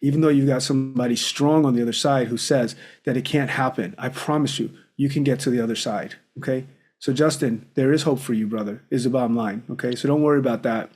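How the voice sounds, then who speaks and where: A man's voice: medium pitch, fast, a little mellow. Emphatic male marriage coach hosting a call. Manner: direct, emphatic, calls the caller brother.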